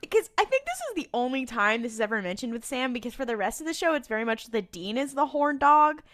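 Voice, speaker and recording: A woman co-hosting a podcast in casual chat, blunt and lively, with plenty of swearing. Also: fairly high pitch, quick pace. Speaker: podcast co-host.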